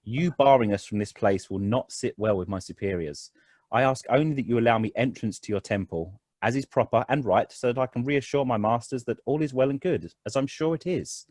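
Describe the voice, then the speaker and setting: A man playing a calm, confident young witch hunter who speaks formally without raising his voice. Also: mid-range voice, a little fast, dry recording, lightly acted.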